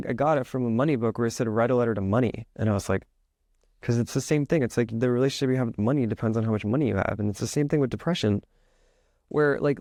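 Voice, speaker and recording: An author and musician appears on a podcast, speaking in a warm, mid-range voice. He's loose and wandering, packing his speech with "like" and dramatizing his own thoughts. The recording is dry and studio-clean.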